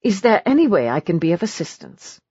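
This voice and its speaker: A woman's voice: lowish voice, very animated, fairly quick, a little mellow, husky, no room sound, highs cut off, exaggerated voice. Woman voicing a stiff, disapproving butler. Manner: formal and stiff. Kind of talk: audiobook character reading.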